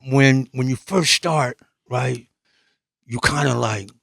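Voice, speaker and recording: A streetwise man tells stories in an easygoing way. His voice has a gravelly edge, and he acts out the other people in his stories. The recording is dry and close. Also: medium pitch, takes it slowly, fairly bright tone, no room sound. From New England. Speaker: podcast guest. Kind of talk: storytelling in casual conversation.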